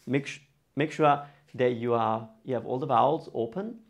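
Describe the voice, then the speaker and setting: A man's voice: medium pitch, normal speed, vocal fry. A man teaching a beginner online lesson, explaining patiently and drawing out syllables and vowel sounds to demonstrate them. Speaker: Italian teacher.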